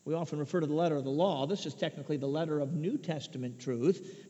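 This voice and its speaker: A man from Chicago preaching a sermon, emphatic, swinging between loud declarations and hushed asides. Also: fairly high pitch, fast talker, hardly any pauses. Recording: dull lo-fi sound with long reverb.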